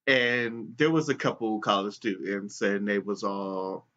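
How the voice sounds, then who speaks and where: In a dull, lo-fi recording, a male podcast co-host spins a casual, profane tale and animatedly voices the people in it. His voice is lowish and his delivery measured.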